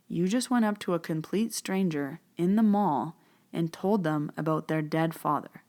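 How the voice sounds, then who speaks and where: Lady talking, kinda low voice, chatty storyteller replaying what she said. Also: moderate pace, a little mellow. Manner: chatty, retells dialogue, repeats phrases. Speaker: podcast host, medium. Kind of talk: personal storytelling.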